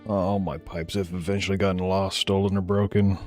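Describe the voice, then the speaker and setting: A man's voice: low-pitched, level tone, fairly quick, a little mellow, soft background music. A man commentating on a live stream, rambling in a loose, profane way with mumbled asides.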